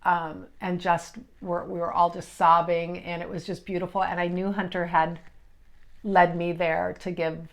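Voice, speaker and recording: A middle-aged woman, an energy healer, telling a personal story in an emotional, halting way with many restarts. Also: on the low side, little pitch movement.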